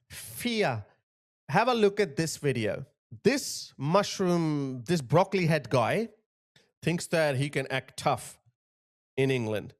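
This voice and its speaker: A man hosting a commentary channel, talking emphatically and indignantly over video clips. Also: a little high.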